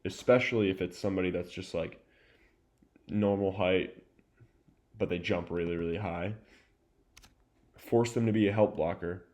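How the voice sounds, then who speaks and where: A man's voice: low-pitched, steady tone, moderate pace, long pauses, darkish tone. A young man casually breaking down volleyball game film, chatty and loose with lots of fillers and asides.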